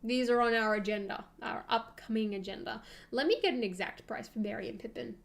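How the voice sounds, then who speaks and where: A woman's voice: a little high, fairly quick, vocal fry. Chatty woman streaming. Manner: chatty, thinking aloud, soft laughs. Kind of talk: casual chat stream.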